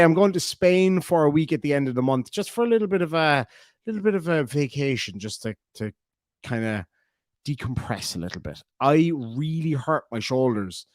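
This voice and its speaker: A man's voice: a little high, no room sound, studio quality. A man with an Irish accent hosting a casual livestream, reading viewer comments aloud and rambling with lots of fillers. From Ireland. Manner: rambling, chatty, many fillers. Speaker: livestream host.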